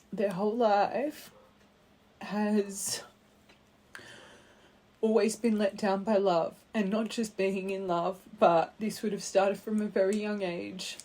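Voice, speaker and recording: Speaking gently and from the heart, a female tarot reader with a medium-pitched voice gives a card reading to her viewers, whom she calls her angels.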